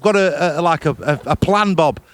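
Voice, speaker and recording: A man's voice: a little high, moderate pace, dry recording. A man, telling comic travel stories in a broad, blunt, boastful way with swearing. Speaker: podcast host reporting from abroad. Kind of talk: comic character monologue. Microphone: remote call.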